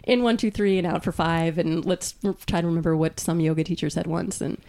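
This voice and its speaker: Woman, from Brooklyn, podcast guest, lowish voice, animated casual storytelling, swears freely. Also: fairly quick, vocal fry. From Brooklyn, New York.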